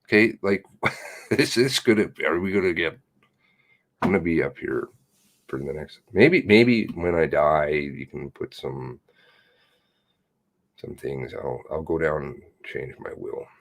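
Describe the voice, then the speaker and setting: A man's voice: very deep voice, lively intonation, unhurried, pauses often. A man live streaming, chatting casually and reading viewer comments aloud in a rambling, self-mocking way. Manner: rambling and self-mocking, jumping between laughs and mutters.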